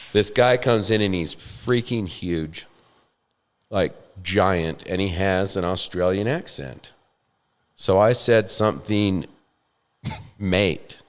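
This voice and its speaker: A man hosting a podcast, telling a funny story in a self-deprecating way with chuckles. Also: low voice. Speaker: podcast host. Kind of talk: storytelling in casual chat. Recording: roomy with long reverb.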